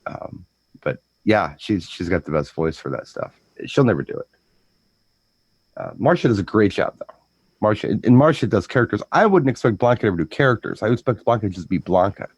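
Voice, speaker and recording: A man chatting casually as a DJ co-host, telling stories in a rambling, animated way with lots of restarts. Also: on the low side, brisk, husky, no room sound. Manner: rambling, animated storytelling with frequent restarts and mimicked voices. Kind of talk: casual chat.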